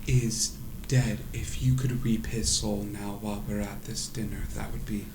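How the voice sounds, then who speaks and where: A man voicing a prim, overly polite female high priestess who talks quietly, in an echoey room with background noise. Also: moderate pace, close to an everyday voice.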